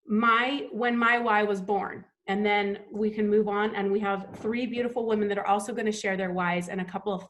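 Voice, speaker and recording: A woman's voice: mid-range voice, fairly bright tone. A woman hosting a sales team call, talking in an enthusiastic, gushing, motivational way.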